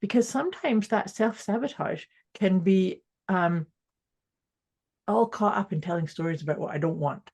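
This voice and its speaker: A woman's voice: medium pitch, moderate pace, creaky, darkish tone, husky. A woman co-hosting a motivational mindset podcast, speaking reflectively and often restarting her sentences. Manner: reflective, with frequent restarts and self-corrections. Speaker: podcast co-host.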